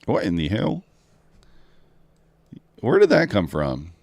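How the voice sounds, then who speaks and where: A man's voice: fairly low pitch, huge pitch swings, takes it slowly, vocal fry, darkish tone, no room sound. A man chatting casually to viewers while trading futures live, talking them through each move. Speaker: live-streaming futures trader. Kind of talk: casual live-stream commentary.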